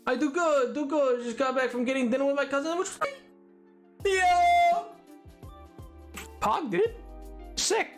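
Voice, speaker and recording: A streamer in casual gaming livestream chat, playful and excitable, joking and reading out chat messages. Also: high voice, a little slow, long pauses, faint music behind.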